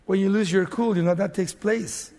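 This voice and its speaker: A man preaching a sermon, telling the story dramatically and swinging from loud outbursts to hushed lines. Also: sits high, moderate pace, long reverb tail.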